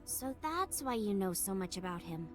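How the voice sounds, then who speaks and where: A woman's voice: mid-range voice, very animated, normal speed, natural voice. An actress voicing a sweet, upbeat young woman in a video game, with a chirpy, bouncy delivery. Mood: curious. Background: game music.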